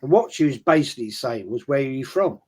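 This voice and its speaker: A man's voice: medium pitch, expressive, fast talker, warm tone, breathy edge. A man, chatting on a stream and telling long anecdotes that trip over their own restarts. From London. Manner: rambling anecdotal storyteller with frequent restarts. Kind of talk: casual chat on a live stream.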